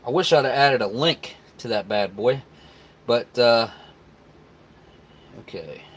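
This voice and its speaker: A man's voice: mid-range voice, slow pace, a little hiss or hum. Laid-back man on a live stream. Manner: laid-back, rambling, reads viewer chat aloud. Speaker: live stream host reviewing military rations. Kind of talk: casual live-stream chat.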